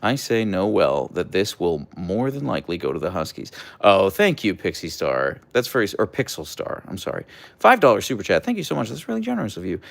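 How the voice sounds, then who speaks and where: Gravelly man chatting lively on a stream. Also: brisk. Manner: playful, baby-talks to his dog with high pitch jumps. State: sleep-deprived. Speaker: livestream host with pet huskies. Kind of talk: casual livestream chat to pets and chat.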